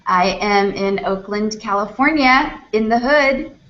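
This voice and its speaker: A woman's voice: medium pitch, a little slow, a bit bright, muffled recording, slight background noise. A woman guest in a casual chat, speaking in a playful way.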